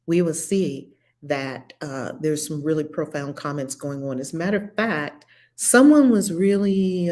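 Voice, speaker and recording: A woman's voice: low voice, darkish tone. A woman hosting a livestream spiritual study group, talking earnestly and reading viewer comments aloud. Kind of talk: livestream discussion.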